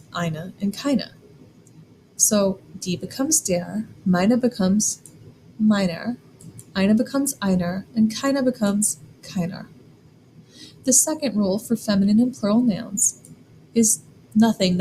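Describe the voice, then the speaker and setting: A woman explaining German grammar in a clear, deliberate lesson, slowing down to spell out examples. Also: medium pitch, dark tone, a little hiss or hum, low-quality recording. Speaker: German teacher. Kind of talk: scripted classroom explanation.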